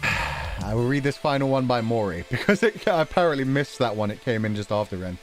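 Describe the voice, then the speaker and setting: British male streamer, young adult, casual donation-reading chat, animated up-and-down delivery, easy laughs, bit of swearing. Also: medium pitch, a little fast, faint music behind. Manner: relaxed, chatty, laughs often, swears casually. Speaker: streamer host.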